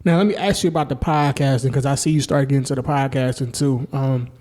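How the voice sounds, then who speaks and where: A man hosting a podcast, laid-back, asking questions with lots of fillers and shout-outs. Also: medium pitch, fairly even intonation, quick pace. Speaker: podcast host. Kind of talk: casual interview chat.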